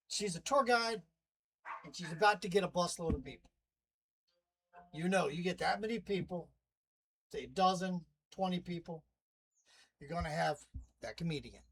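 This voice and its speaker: A man's voice: high-pitched, creaky, poor audio. A man talking casually to camera in a wry, rambling monologue, styling himself a demon host. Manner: chatty, wry, rambling asides. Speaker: vlogger playing a demon narrator.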